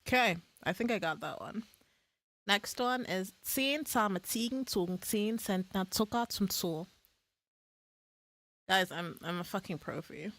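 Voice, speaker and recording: A woman's voice: mid-range voice, measured pace, a bit bright, dry recording. Give me a playful woman streamer who laughs often and curses freely in casual live chat.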